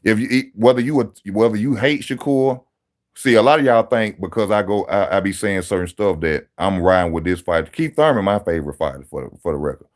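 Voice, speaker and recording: A man's voice: lowish voice, lively intonation, brisk. Brash man live-streaming boxing talk. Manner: loud street-style banter, mocking, talks straight to viewers. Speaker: boxing channel host.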